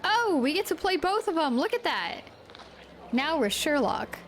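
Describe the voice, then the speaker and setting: A woman's voice: high voice, very animated, unhurried, a bit bright, slight background noise. A young woman streaming a detective game, playful and giggly, joking to her chat. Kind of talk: casual live-stream commentary.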